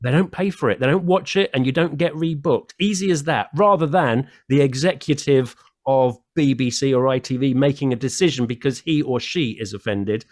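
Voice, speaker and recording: A man's voice: medium pitch, normal speed. A man on a comedy panel, making his case reflectively through rhetorical questions. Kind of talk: casual panel chat.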